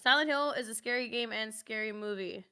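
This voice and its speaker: A woman's voice: on the high side, brisk, a crowd in the background. A woman chatting casually with her stream audience, rambling with lots of "like" fillers and laughing easily. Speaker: streamer co-host. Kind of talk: casual livestream chat.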